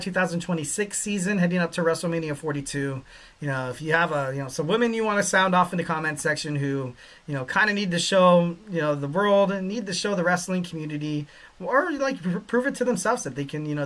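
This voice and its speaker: A man's voice: high voice, a bit bright. A man hosting a podcast, giving casual wrestling commentary in a rambling way with many fillers and joking asides. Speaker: podcast host.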